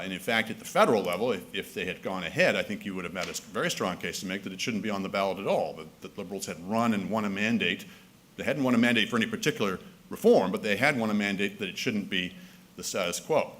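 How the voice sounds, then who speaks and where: A man's voice: fairly low pitch, a bit bright. A man giving a public speech at an assembly, wry and argumentative, often restarting his sentences with fillers. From Canada. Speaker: speaker. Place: assembly hall.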